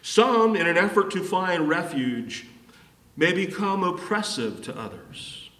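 A pastor preaching a sermon, repeating his key phrases and swinging from emphatic high points down to low, quiet lines. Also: animated, unhurried. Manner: repetitive, rising to emphatic peaks and dropping low. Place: church hall. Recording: echoey hall from far off.

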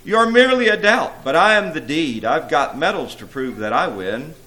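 A man's voice: mid-range voice, expressive, moderate pace, pushed and bright, pitched above the performer's own voice, rough recording. A man voicing a grinning male demon who gloats over his wins. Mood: gloating.

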